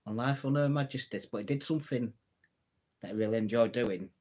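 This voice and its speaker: A man's voice: mid-range voice, fairly quick, a little mellow, breathy edge. Jokey man on a live stream. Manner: jokey, chatty, chuckles at his own puns; greets and answers viewers' comments. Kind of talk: casual live-stream chat telling jokes.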